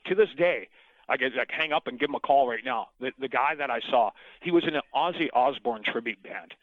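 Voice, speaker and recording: A man's voice: mid-range voice, brisk, no echo. Profane rambling man on a tinny line. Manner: rambling, profane, restarts often. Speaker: singer, interview guest. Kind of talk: casual storytelling interview. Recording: tinny phone-line sound, dry.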